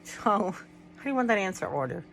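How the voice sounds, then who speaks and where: A woman's voice: mid-range voice, expressive, normal speed, fairly bright tone, slight background noise, poor audio. A middle-aged woman vlogging to her viewers in a candid, rambling way, often trailing off and restarting. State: tearful at times. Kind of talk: personal vlog, talking to viewers.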